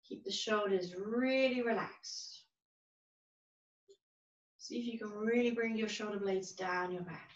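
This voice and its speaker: Woman yoga teacher, soothing slow cues, echoey room, muffled lo-fi sound. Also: mid-range voice. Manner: calm, gentle, unhurried cues. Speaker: yoga instructor. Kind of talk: guided yoga class instruction. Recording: roomy, distant, dull-sounding recording.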